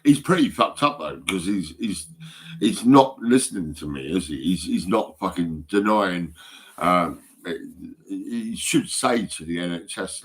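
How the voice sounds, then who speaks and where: A man with a very low, husky voice talks into his phone. He rambles, swears freely and stumbles over repeated words. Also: expressive, unhurried, a bit bright. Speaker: vlogger. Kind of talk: casual rambling monologue.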